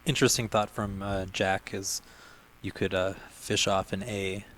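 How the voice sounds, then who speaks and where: Laid-back low-voiced male commentator. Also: level tone, measured pace, a bit bright, slight background noise. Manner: analytical, laid-back, dry humor. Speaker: game commentator. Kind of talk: live tournament commentary.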